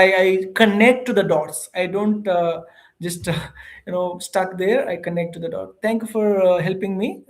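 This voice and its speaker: A speaker with an Indian English accent, an English teacher who chats casually on a live stream and answers viewer comments with frequent hesitations. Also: mid-range voice. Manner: chatty and animated, reads and answers viewer comments, frequent "uh" fillers.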